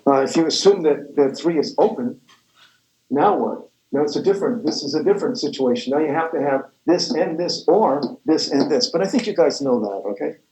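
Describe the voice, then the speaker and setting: A man's voice: on the high side, lively intonation, fairly quick, dark tone, reverberant, poor audio. A man lecturing a math class, rambling and correcting himself as he goes, with the odd chuckle. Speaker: math professor.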